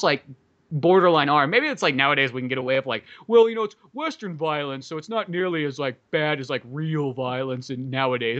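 Man, movie podcast co-host, bright tone, loose and swearing, acts out quotes. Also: medium pitch. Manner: rambling, profane, lots of fillers, acts out quoted lines. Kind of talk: casual movie review chat.

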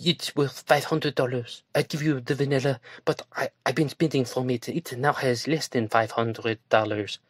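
A man's voice: steady tone, moderate pace, hardly any pauses, breathy edge, no echo, studio quality, lightly acted. A man reading an audiobook, voicing a sarcastic, scheming young woman in a raised, sharper tone. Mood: pleading. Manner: higher, louder, sharp retorts.

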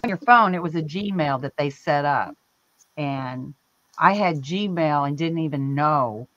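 A woman's voice: sits low, unhurried, no room sound, dull audio. A woman co-hosting a livestream, chatting casually, teasing and often laughing. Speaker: livestream co-host. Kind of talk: casual chat.

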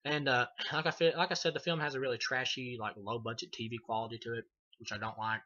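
A man's voice: medium pitch, little pitch movement, fast, sharp tone, lo-fi sound. A man giving a casual, profane film review, rambling and laughing as he retells scenes. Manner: rambling, swears a lot, laughs often. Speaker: movie reviewer.

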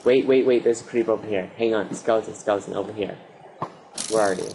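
A man commentating his own survival game play, excitable, talking to the mobs and breaking into loud outbursts. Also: lowish voice, fast talker, creaky, background noise. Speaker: gaming commentator. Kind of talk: Minecraft let's play commentary.

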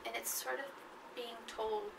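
A woman's voice: on the high side, steady tone, unhurried, gravelly, noisy background. A woman teacher giving a literature lecture, who keeps checking in with her students with short questions as she goes. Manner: checks in often with questions to the class. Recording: echoey room, mic at a distance.

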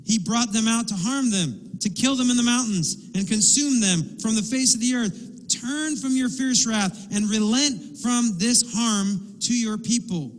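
A man with a notably high voice delivers an impassioned church sermon. He acts out desperate pleas in character as he preaches. The sound carries a long reverb from the church hall. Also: measured pace. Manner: impassioned preaching, acting out pleading quotes. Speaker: pastor. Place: church sanctuary.

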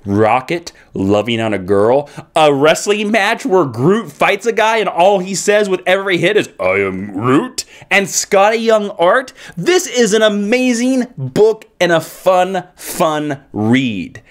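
Animated, enthusiastic comic book reviewer man. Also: high-pitched, unhurried, hardly any pauses. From Kansas, United States. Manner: enthusiastic, animated, swooping emphasis. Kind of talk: casual comic review vlog.

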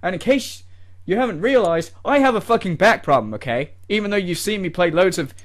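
A man's voice: high voice, lively intonation, fairly quick. A man doing a parody rant as a smug, whiny male gamer YouTuber who sneers and swears at his fans.

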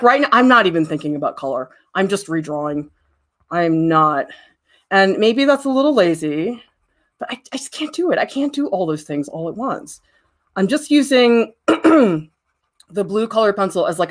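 A young woman teaches a drawing demo in a loose, chatty way, with her pitch leaping up and down as she talks. She laughs often and makes fun of her own work while she tells classroom stories. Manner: self-deprecating, laughs often, animated storytelling. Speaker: art teacher.

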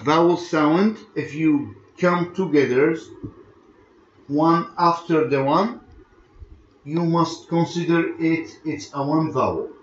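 Male teacher, on a lo-fi recording, fast explanations, slow word drills. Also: fairly high pitch, slight background noise. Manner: switches between rapid explaining and slow drilled repetition of words. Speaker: English teacher. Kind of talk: recorded online lesson. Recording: echoey, dull lo-fi room recording.

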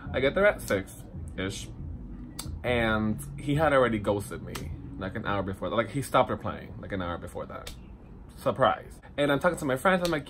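A young man telling a personal story to his phone camera in a lively, dramatic, chatty way, swinging up high for the funny parts. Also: moderate pace, slight background noise. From Dominican heritage. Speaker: vlogger. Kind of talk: casual storytelling vlog.

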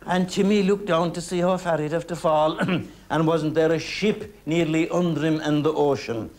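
A man's voice: fairly high pitch, steady tone, moderate pace, few pauses, darkish tone. A man with an Irish accent telling a traditional folk tale in a lilting, humorous, rhythmic way. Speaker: storyteller. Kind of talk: traditional oral storytelling.

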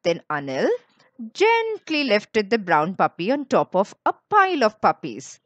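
A woman reading a children's story aloud, slow and expressive. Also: medium pitch, no echo, highs cut off.

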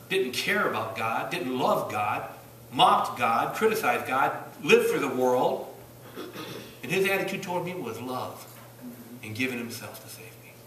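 A man preaching a sermon in a church, asking rhetorical questions, rising to loud bursts and dropping low. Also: slight background noise. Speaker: pastor. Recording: echoey church room from a distance.

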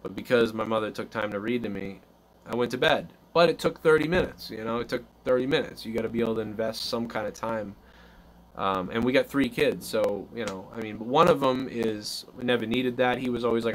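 A man's voice: lowish voice, a little fast, slight background noise. A man hosting a live call-in stream, chatting casually in a loose, rambling way and acting out little quotes. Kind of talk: casual chat.

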